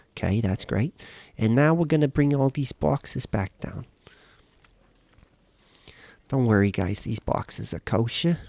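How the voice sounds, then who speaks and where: Gravelly, mellow-voiced male streamer. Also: medium pitch, no echo. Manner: joking, chatting to characters in the game. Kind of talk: casual live game commentary.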